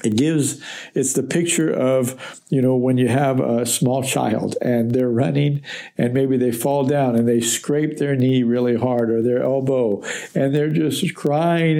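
A man's voice: mid-range voice, gravelly. A man giving a reflective, conversational verse-by-verse Bible teaching as a podcast teacher. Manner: reflective, conversational, with gentle fillers.

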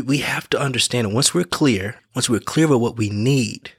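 A man's voice: mid-range voice, slightly rough, dry recording, studio quality. A man giving casual motivational advice in an earnest way, repeating his points, correcting himself and checking in with the listener. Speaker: vlogger giving life advice.

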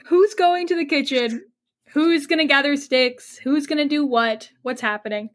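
A woman running a tabletop game as game master over a video call, brisk and bossy, swearing freely. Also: high-pitched. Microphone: video call mic.

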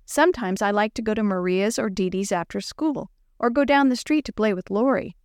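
A woman voicing an eager young schoolgirl in a children's story, a little higher and bright. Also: fairly quick, clear, resonant tone, dry recording, clean studio sound, natural voice.

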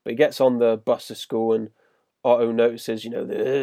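A man's voice: mid-range voice, little pitch movement, normal speed, warm tone, no room sound, clean studio sound. A British man hosting a podcast in casual chat, recapping scenes and putting questions to his co-host. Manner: leads the talk, recaps scenes and asks questions.

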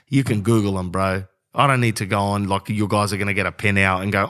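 A man's voice: on the low side, fairly quick, hardly any pauses, fairly bright tone. A young man with an Australian accent, hosting a podcast in a brash, rambling, jokey monologue that runs into an ad read. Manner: rambling, brash and jokey, says bro a lot. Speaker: podcast host.

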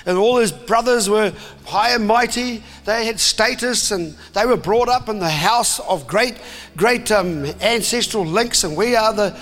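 Emphatic New preacher in a hall. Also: male voice, sits high, a little slow, a bit bright. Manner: emphatic, acts out voices, asks the crowd questions. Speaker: pastor. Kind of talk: sermon. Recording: long hall reverb.

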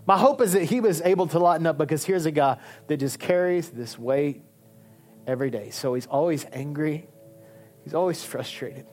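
Animated pastor preaching over soft music. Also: male voice, fairly high pitch, normal speed. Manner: conversational and animated, rising to emphatic peaks. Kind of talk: sermon.

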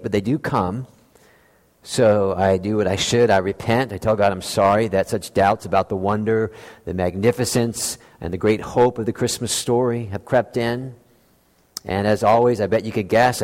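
A man preaching a sermon as pastor, earnest and reflective, with slow emphatic phrasing. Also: lowish voice. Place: church sanctuary. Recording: long hall reverb.

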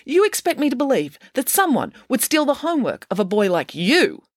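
A woman voicing a pompous, shouting male science teacher in a storybook reading. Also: high-pitched, big pitch swings, brisk, dry recording, studio quality, voice pushed up. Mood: scornful. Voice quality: scornful, blustering.

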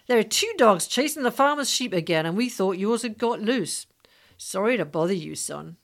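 A woman's voice: mid-range voice, animated, moderate pace, voice pushed up, close to an everyday voice. A woman reading the lines of an urgent male police officer.

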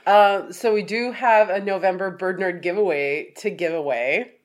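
A woman's voice: fairly low pitch, moderate pace. Congested woman co-hosting a chatty podcast. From US Pacific Northwest. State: congested, stuffed up. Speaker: podcast co-host. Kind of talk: casual chat.

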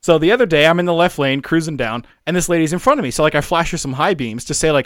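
A man's voice: fairly high pitch, fast, no echo, studio quality. A man from Calgary chatting casually, swearing often and restarting his sentences. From Calgary, Canada. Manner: swears a lot, stumbling restarts. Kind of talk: casual chat.

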